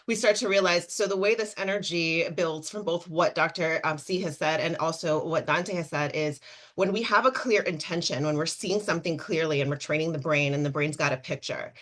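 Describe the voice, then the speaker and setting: With a low-pitched voice, this female coach on a webinar panel brims with animated energy. She moves through her explanations fast, stacking up example after example.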